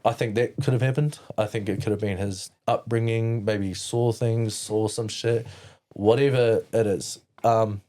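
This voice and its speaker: Mellow-voiced New Zealand man telling his story. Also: on the low side, fairly even intonation, normal speed. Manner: rambling, swears freely, many fillers and restarts. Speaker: podcast guest. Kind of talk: candid personal storytelling.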